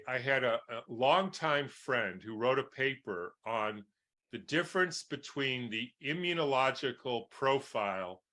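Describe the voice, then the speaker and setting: A man's voice: mid-range voice, sharp tone. A man answering interview questions as a doctor, explaining with everyday analogies and often checking in with "right?". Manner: explains with homely analogies, keeps asking "right?". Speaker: guest doctor.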